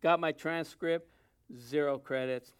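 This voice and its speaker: Man, pastor preaching, high clear voice, conversational, soft asides to loud emphasis. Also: steady tone, unhurried. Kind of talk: sermon.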